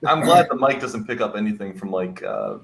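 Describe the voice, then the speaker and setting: A man's voice: on the low side, huge pitch swings, brisk, creaky, a bit bright. A man co-hosting a casual stream chat, giggly and often laughing through his lines. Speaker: stream co-host.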